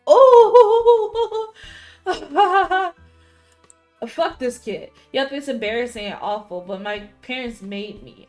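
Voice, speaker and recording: A gaming streamer reads a story game aloud in a medium-pitched, mid-range voice, with faint game music playing softly underneath. Between stretches of plain reading, she keeps breaking into loud, profane, excitable outbursts.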